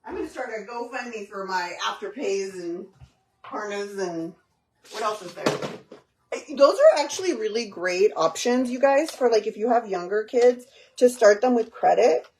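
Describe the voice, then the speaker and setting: A woman's voice: medium pitch, expressive, normal speed, darkish tone, a little hiss or hum, rough recording. A woman hosting a casual live cooking stream from her home kitchen, chatting with viewers and dropping in Spanish words. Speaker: cooking livestream host.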